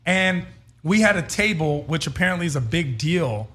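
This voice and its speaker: A man co-hosting a casual talk show, telling an animated story and dropping "bro" and "yo.". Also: fairly high pitch, normal speed. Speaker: co-host. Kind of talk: casual podcast chat. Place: studio.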